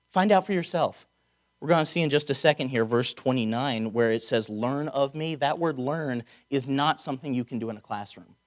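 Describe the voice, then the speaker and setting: Guy giving a chapel sermon, chatty, drops wry jokes, slows way down on the key words. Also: on the high side. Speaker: preacher. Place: chapel or auditorium.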